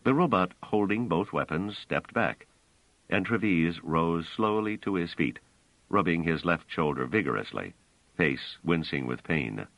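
A man narrating an audiobook in a measured, expressive way, in a dry, dull recording. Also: deep voice, vocal fry, dry recording.

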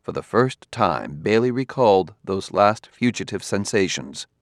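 Male audiobook narrator, low and gravelly, steady delivery, very dry close recording. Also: measured pace, no echo. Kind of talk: scripted narration.

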